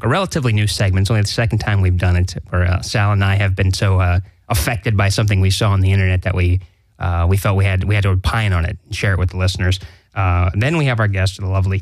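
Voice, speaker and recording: A man's voice: low-pitched, fast talker, no echo. A man co-hosting a casual radio talk show, teasing his partner with dry humor and running through the show's lineup. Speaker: co-host.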